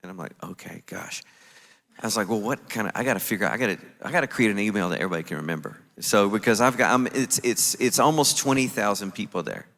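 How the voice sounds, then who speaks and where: Male conference speaker with a lowish, bright voice, lively storyteller, hall echo. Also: quick pace, few pauses. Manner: animated, acts out his own quoted reactions. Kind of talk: storytelling talk on stage. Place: conference stage in a large venue. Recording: echoey large hall.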